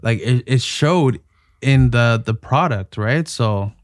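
A man's voice: mid-range voice, animated, takes it slowly, no echo, clean studio sound. A young adult man, an actor, talking about his work in a loose, casual way, often saying "like" and "man". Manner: laid-back, loose, peppered with "like" and "man". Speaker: actor guest. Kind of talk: casual interview.

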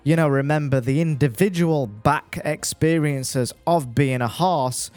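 A man reading a list of facts in a deliberately dry, deadpan voice with wry asides. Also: a little high, loud music behind the voice. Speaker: podcast segment contributor.

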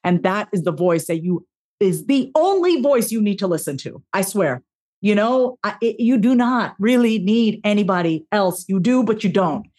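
A woman speaking as a podcast guest, giving a heartfelt motivational talk with expressive self-talk and casual swearing. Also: mid-range voice, normal speed.

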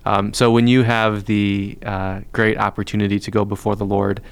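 Calm, flat-voiced priest host. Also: male voice, fairly low pitch, clear, resonant tone, dry recording. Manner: calm, measured, hesitant fillers. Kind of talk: interview questions.

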